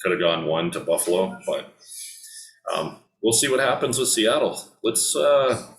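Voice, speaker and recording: A man's voice: on the low side, expressive, measured pace, reverberant, poor audio. A man hosting a casual hockey podcast, talking loosely with many ums and restarts. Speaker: podcast host. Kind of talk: casual sports chat.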